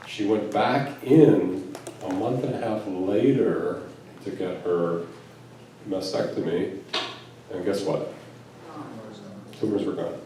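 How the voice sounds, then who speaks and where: Deep-voiced man teaching in an echoey hall. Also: slow pace, long pauses. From United States. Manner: storytelling with quoted dialogue and rhetorical questions. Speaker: spiritual teacher and physician. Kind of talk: spiritual talk to a live audience. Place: large echoey event room. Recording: echoey room from a distance with faint background noise.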